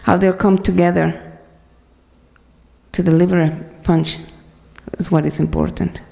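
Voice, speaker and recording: A woman giving an earnest, halting personal talk to a congregation, with many fillers and restarts. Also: fairly low pitch, fairly even intonation, creaky, warm tone, in a large hall. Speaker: speaker sharing at a devotional gathering.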